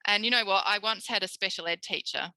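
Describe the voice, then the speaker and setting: An Australian woman, a speech pathologist, giving a recorded tutorial lecture in a lively way, acting out quoted voices. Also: medium pitch, fast, no echo, poor audio. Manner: animated, acts out quoted voices.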